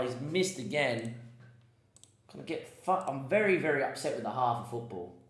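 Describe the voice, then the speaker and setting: A man's voice: medium pitch, expressive, moderate pace, roomy sound. A man giving casual commentary on his football management game, muttering asides and breaking into frustrated outbursts. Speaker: gaming podcast host.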